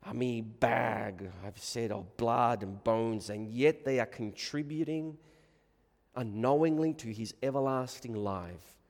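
A man preaching a sermon, moving between hushed reflection and loud, emphatic proclamation. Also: medium pitch, takes it slowly. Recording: long reverb of a large hall.

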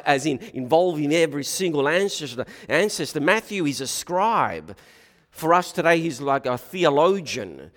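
A man's voice: a little high, a bit bright, in a large hall. A man preaching a sermon, often restarting his phrases. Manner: hesitant, frequent restarts.

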